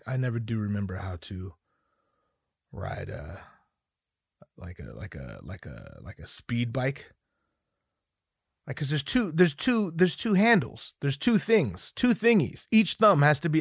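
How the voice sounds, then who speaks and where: A man's voice: medium pitch, no echo. A man in his thirties hosting a solo podcast, rambling and joking with lots of profanity and self-mockery, recorded on a studio microphone at home. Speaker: podcast host. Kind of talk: solo casual podcast monologue. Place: home room with a dog nearby.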